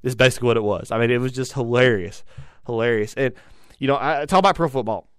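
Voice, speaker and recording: A man's voice: medium pitch, fast talker, clean tone, dry recording, clean studio sound. Rambling man hosting sports radio. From Tennessee. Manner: rambling, frequent restarts and repeated words. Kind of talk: solo sports talk.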